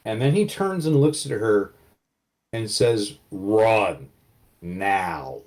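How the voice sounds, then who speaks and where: A man's voice: medium pitch, sing-song, a little slow, a little mellow. A man narrating as game master, in vivid, casual storytelling with many fillers.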